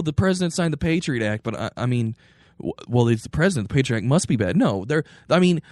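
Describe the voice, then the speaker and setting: A man co-hosting a podcast, ranting in animated casual political chat and mocking others with quick impressions. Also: a little high, no room sound, studio quality. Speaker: podcast co-host.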